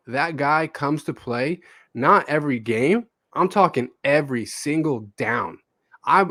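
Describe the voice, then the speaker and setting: Young male co-host, casual and swearing, animated, mid-pitched voice, dry recording. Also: no room sound. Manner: animated, profane storytelling. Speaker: podcast co-host. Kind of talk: casual sports podcast chat.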